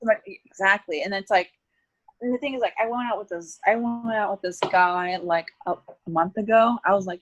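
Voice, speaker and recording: A woman's voice: mid-range voice, moderate pace, a bit bright. A woman in her twenties, talking casually as an interview guest and saying "like" often. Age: 20s. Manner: chatty, heavy use of "like".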